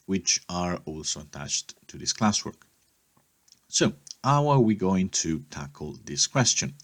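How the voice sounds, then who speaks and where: Low raspy guy teaching a history class, explains step by step, keeps asking okay?. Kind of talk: recorded history lesson.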